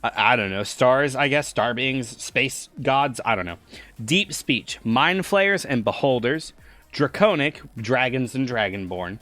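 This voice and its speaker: A man's voice: medium pitch, lively intonation, unhurried, sharp tone. A man running a tabletop game on a casual stream, laughing often, rambling and reading chat aloud.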